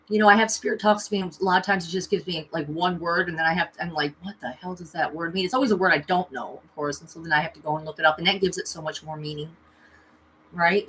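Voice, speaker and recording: A woman's voice: lowish voice, a bit bright. A woman hosting a spiritual livestream, telling a personal story in a chatty, profane way, checking in with "okay" and "right" as she talks into a camera at home. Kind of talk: casual storytelling monologue.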